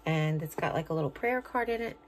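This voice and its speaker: A woman's voice: deep voice, expressive, a little fast, a little hiss or hum, low-quality recording. A middle-aged woman chatting casually at home as she opens and reads fan mail, sentimental and talkative. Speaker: vlogger opening fan mail. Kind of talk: casual unboxing chat. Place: home, indoors.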